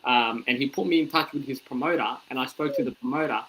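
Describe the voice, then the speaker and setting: A man's voice: mid-range voice, fast, rough recording. A young Australian man, a comedian, telling a story in a casual interview and acting out the people he quotes. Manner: animated, acts out quoted voices. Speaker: comedian guest.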